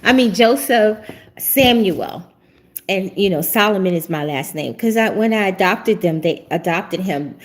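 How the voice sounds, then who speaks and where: A woman's voice: mid-range voice, lively intonation, measured pace. A middle-aged woman hosting a prophetic talk show, chatting casually and laughing often. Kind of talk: casual livestream chat.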